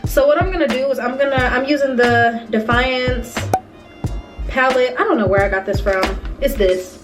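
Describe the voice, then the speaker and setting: A woman's voice: high-pitched, moderate pace. A young woman in her twenties chatting playfully through a casual makeup tutorial, talking straight to her viewers. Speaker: beauty vlogger. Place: bedroom at home. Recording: distant mic with music behind.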